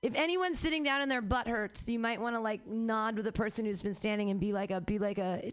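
A woman's voice: fairly high pitch, fairly quick, hardly any pauses, smooth. Upbeat woman hosting a comedy night. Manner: upbeat, chatty, a little rambling. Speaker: show host. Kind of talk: introducing comedians. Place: packed comedy venue stage.

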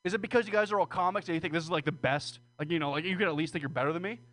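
Rambling profane stand-up comic, high voice. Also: male voice, very fast, a bit bright. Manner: rambling, profane, self-deprecating. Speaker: stand-up comedian. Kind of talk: open-mic stand-up set. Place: small comedy room with audience.

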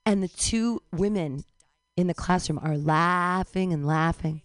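Middle-aged woman, lower register, comic storyteller with big vocal swings, dry close mic. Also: a little slow, no room sound. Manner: animated storyteller, swings to loud cries. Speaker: comedian telling a story. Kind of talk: stand-up story on a radio show.

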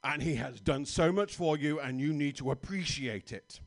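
A man's voice: fairly high pitch, lively intonation, normal speed, creaky. A man from Britain with a British accent, performing a stand-up comedy set in a small bar, dry and self-mocking with stammering restarts.

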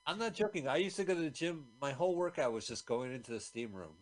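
A man co-hosting a casual podcast, rambling through quick personal anecdotes. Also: on the high side, expressive, no echo. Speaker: podcast co-host. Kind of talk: casual chat.

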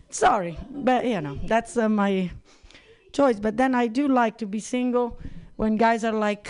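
A man's voice: very high-pitched, very animated, takes it slowly, pauses often. A man doing open-mic stand-up in a crude, rambling, self-mocking way. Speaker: stand-up comedian.

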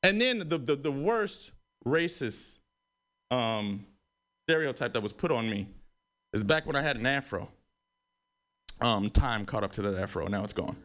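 A man doing a stand-up comedy set in a radio studio, animated and swearing freely, his voice climbing high when he gets worked up. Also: a little slow, long pauses. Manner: animated, swearing, rising to a high-pitched exclaim. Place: radio studio hosting a live comedy show.

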